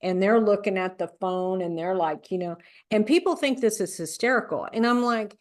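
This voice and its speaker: A woman's voice: medium pitch, moderate pace. A woman hosting a podcast, telling personal stories at length in an earnest, conversational way that grows heated when she talks about people being mocked. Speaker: podcast host. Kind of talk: casual conversational podcast chat.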